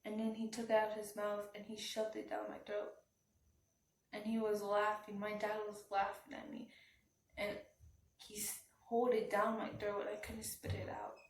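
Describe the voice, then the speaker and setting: A woman's voice: mid-range voice, monotone. A woman recounts a personal storytime in a level, unvaried voice, often stopping and restarting her sentences. She sits some way off the mic in an echoey room, with a faint hum of ambience behind her. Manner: halting, subdued retelling with restarts. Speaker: vlogger. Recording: roomy, from some distance off the mic.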